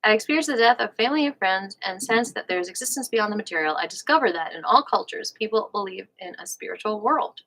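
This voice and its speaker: A woman from New York reading a nonfiction book aloud on a livestream, unhurried and leaning on her words. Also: mid-range voice, expressive, a bit bright, poor audio. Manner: unhurried, leaning on words, breaks off for playful asides.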